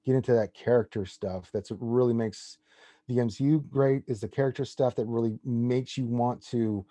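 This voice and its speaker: Forties male guest, casual and rambling, warm mellow timbre, dry close sound. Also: mid-range voice, fairly even intonation, moderate pace, dry recording. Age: 40s. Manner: enthusiastic comic-book fan, rambling. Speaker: podcast guest. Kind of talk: casual chat.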